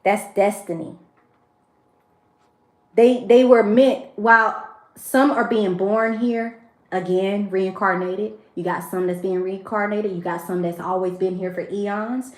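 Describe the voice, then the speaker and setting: This tarot reader hosts a spiritual livestream, speaking to her viewers directly with emotional, preachy conviction. Her mid-range voice holds a steady tone and an unhurried pace, and the sound is roomy.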